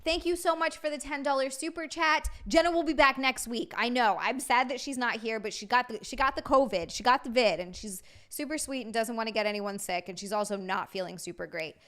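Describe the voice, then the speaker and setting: A young adult woman hosting a casual chat show, chatty and quick to laugh as she reads out viewer messages. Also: on the high side, a bit bright. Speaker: host.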